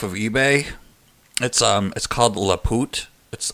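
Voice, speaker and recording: Chatty, bright-voiced male stream host. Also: fairly low pitch, a little slow. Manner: chatty and joking, laughs often. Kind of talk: casual live chat with viewers.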